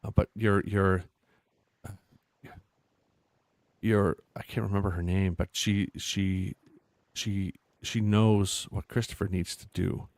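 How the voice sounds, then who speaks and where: Brief: stammering ghost, lost and tired, low and gravelly played by a man. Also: little pitch movement, darkish tone, no room sound. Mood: confused, weary. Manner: halting, stammering, trailing off. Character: confused weary ghost wandering lost.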